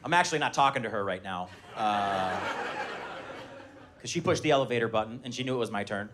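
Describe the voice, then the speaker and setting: Performing before an audience at a live comedy venue, a man in his thirties delivers animated stand-up stories, voicing his kids and other people. He speaks briskly in a lowish voice, and there's background noise.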